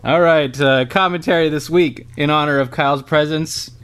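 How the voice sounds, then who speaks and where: A man's voice: on the high side, moderate pace, a bit bright, smooth. Laid-back man hosting a commentary. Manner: loose, rambling, with fillers and laughs. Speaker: podcast host. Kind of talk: casual commentary chat.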